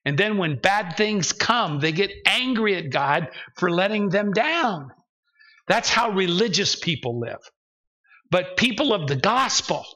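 A man's voice: sits high, bright, forceful tone, poor audio. A man preaching a sermon as pastor in a church, emphatic and acting out the voices of the believers he describes. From United States. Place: church sanctuary.

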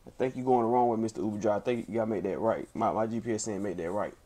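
A man's voice: lowish voice, rapid-fire, dark tone, close to an everyday voice. A man acting out an angry young man who storms off for bear spray, groaning and sighing theatrically. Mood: mock fuming. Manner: fuming, theatrical sighs and groans.

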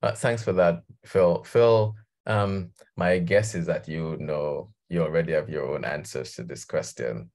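A man's voice: sits low, measured pace, creaky, few pauses, a little mellow. A man coaching leaders, talking conversationally over a video call and laughing easily. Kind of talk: guest talk on a video call.

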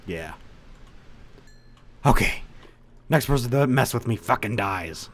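A young man commentating his survival game, swearing often, talking to the monsters and bursting into loud outbursts. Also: medium pitch, slow pace. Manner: swears a lot, animated outbursts, talks to game mobs. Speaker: gaming video creator. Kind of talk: let's play commentary.

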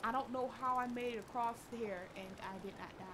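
A woman streams a game live, chatting casually, talking back to both the game and her chat, and laughing a lot. Her voice is on the high side and fairly quick, with music in the background.

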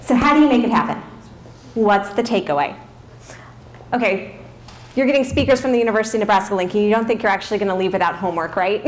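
A woman with a slightly high voice speaks to a room as a career coach. She is upbeat and direct, with light teasing between her practical pointers. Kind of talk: presentation to an audience.

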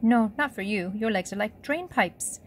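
A woman's voice: mid-range voice, lively intonation, normal speed, slight background noise, natural voice. A woman reader voicing a blunt, cocky French boy who talks in curt, matter-of-fact lines.

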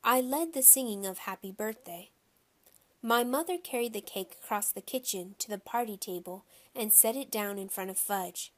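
A woman narrating a children's audiobook in a lively, expressive reading style. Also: mid-range voice, moderate pace.

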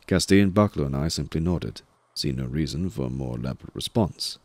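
Man narrating audiobook, very deep, gravelly, lively pitch, dry close mic. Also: fairly quick, dry recording. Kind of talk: first-person audiobook narration.

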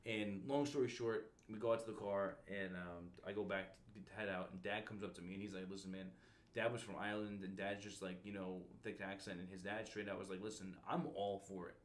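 A man's voice: low-pitched, fairly even intonation, a little fast. A man hosting a podcast and telling a recruiting story in a casual, slangy way, calling people bro and dude. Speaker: podcast host, Marine recruiter.

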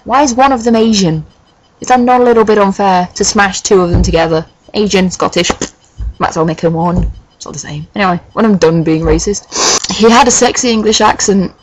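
Woman reading a silly story out loud, deadpan snarky comments, swears a bit. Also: medium pitch, a little fast, slight background noise, rough recording. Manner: sarcastic, deadpan asides with swearing. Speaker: reader and commentator of a fan fiction. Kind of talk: comic dramatic reading with sarcastic commentary.

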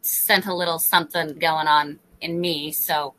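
Bright-voiced hesitant woman co-host. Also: low voice, fairly even intonation, unhurried, poor audio. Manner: hesitant, filler-heavy, eager. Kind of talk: casual interview chat.

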